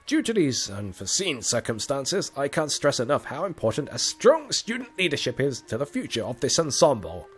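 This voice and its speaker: A man's voice: medium pitch, very animated, normal speed, hardly any pauses, a bit bright, slightly rough. A man voicing a stern adult male band director who lectures his student leaders in a firm tone.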